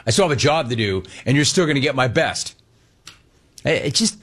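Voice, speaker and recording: A man hosting a sports talk radio show, animated and playful, taking calls and riffing on them. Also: mid-range voice, normal speed, husky. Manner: animated, playful, mocks callers' voices.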